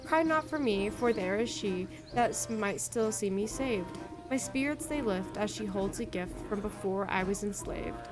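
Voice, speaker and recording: A woman's voice: mid-range voice, lively intonation, moderate pace, over music, close to an everyday voice. A woman voicing a dreamy, spellbound young male bard in a game, reciting in a lilting, sing-song rhyme. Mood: wistful.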